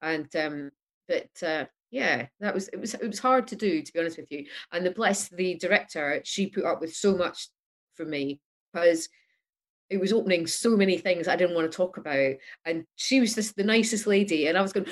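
A woman in casual chat as a guest on a video call, candid and quick to laugh, with the odd light swear. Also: on the low side, expressive.

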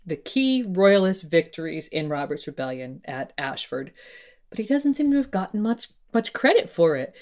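A woman's voice: on the low side, darkish tone. A woman co-hosting a podcast, talking through fantasy book lore in a thoughtful, meandering way with many fillers and restarts. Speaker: podcast co-host. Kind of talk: casual discussion of fantasy lore.

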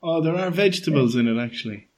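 A man's voice: on the high side, animated, quick pace, a little mellow. Male co-host, dry and jokey, easygoing casual chat. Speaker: podcast co-host.

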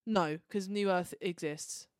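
A woman co-hosting a podcast in casual chat, animated and jokey, often quoting lines in a high put-on voice. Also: takes it slowly, no echo, studio quality. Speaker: podcast co-host.

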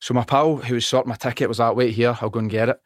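A middle-aged Scottish man chatting on a podcast, telling an animated, sweary story and acting out the dialogue. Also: mid-range voice, quick pace, dry recording, clean studio sound. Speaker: podcast guest. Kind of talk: casual chat. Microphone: studio microphone.

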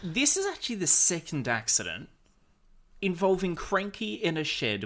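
A man's voice: on the high side, fairly bright tone. A man co-hosting a casual fan podcast, giving detailed, nitpicky commentary. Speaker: podcast co-host. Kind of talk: casual chat.

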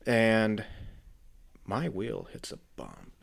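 A young man co-hosting a podcast, telling a story in casual, animated chat full of swearing. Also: on the low side, very slow, gravelly, slightly rough. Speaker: podcast co-host.

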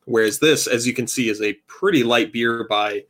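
A man's voice: mid-range voice, moderate pace. Laid-back man chatting on a late-night stream. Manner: relaxed, laughing, rambling about beer. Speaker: podcast co-host. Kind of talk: casual chat.

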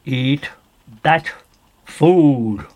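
A firm, insistent stranger with a rough, gravelly Irish voice, a man doing him in a fireside tale. He presses and repeats his demands without letting up. The tone is husky and grainy throughout. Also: medium pitch, measured pace, a little mellow. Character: commanding male stranger host, insistent.

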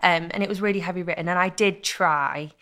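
A young woman, telling stories in a casual interview with lively, laughing chat. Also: fairly low pitch, a little fast. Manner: chatty, animated storytelling with laughs. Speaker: guest, content creator.

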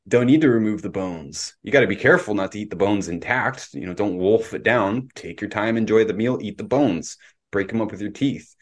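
A man's voice: lowish voice, brisk. A man from Canada hosting a casual podcast discussion, opinionated and lecturing in tone. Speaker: podcast host.

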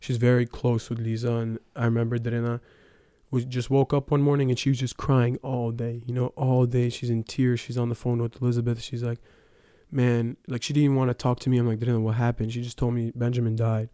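A man's voice: mid-range voice, little pitch movement, brisk, mellow, smooth, dry recording, studio quality. A young man giving a casual personal testimony, telling his story with lots of fillers like "um" and "like". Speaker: testimony speaker.

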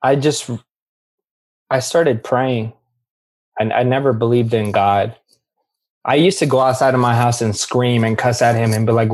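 A man with a husky, slightly rough voice tells his own story in an unscripted way. He is emphatic and keeps restarting his sentences, dropping "bro" as he goes. His pitch sits in the middle for a man. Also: moderate pace. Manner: emphatic, says "bro" often, many restarts. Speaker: guest sharing his recovery story. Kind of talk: candid personal storytelling.

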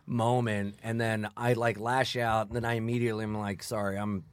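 A man's voice: fairly low pitch, flat delivery, fairly quick, clean tone, no echo, studio quality. A male comedian guest chatting casually on a podcast. He rambles and runs himself down, filling his talk with "like". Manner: rambling, self-deprecating, full of "like".

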